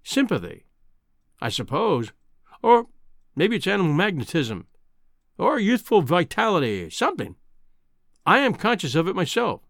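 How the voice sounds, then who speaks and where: A man's voice: high voice, huge pitch swings, moderate pace, gravelly, long pauses, a bit bright, no echo, studio quality, exaggerated voice. A man voicing a kindly, fussy old Scottish newspaper editor in an audiobook.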